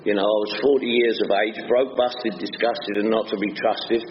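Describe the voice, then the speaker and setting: A man's voice: fairly low pitch, fairly even intonation, moderate pace, a little hiss or hum. London guy from the northwest telling his story at a meeting, cracks jokes, echoey hall, kinda dull recording. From England. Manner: joking, blunt storytelling with rhyming quips. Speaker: recovery meeting speaker. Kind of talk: personal recovery talk.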